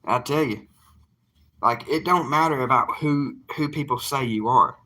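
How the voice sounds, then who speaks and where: A young adult man, an evangelist vlogger with a Southern US drawl, speaks to his viewers in a casual monologue. His voice is medium-pitched, bright and forceful, and he keeps a measured pace. He's emphatic and folksy, repeating lines for emphasis.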